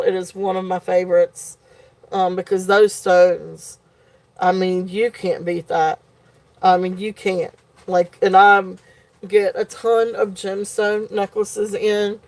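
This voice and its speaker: A woman's voice: medium pitch, darkish tone. A woman at home hosting a live jewelry sale, gushing over each piece with many ums. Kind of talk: live auction selling.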